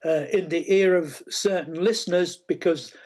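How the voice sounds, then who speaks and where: Halting man explaining at length. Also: on the high side, a little mellow. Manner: halting, many fillers and restarts. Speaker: speech expert guest. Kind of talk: explanatory interview answers.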